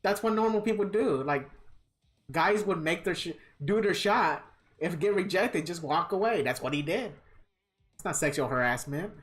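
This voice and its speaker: A woman's voice: fairly low pitch, lively intonation, moderate pace. Blunt, foul-mouthed woman streamer. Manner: blunt, profane, laughs at her own rants. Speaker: gaming livestreamer. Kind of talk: casual commentary while playing a fighting game.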